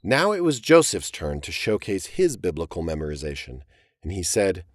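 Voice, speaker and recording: A man giving dramatic, expressive narration of a historical audiobook story. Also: low-pitched, moderate pace, no room sound, clean studio sound.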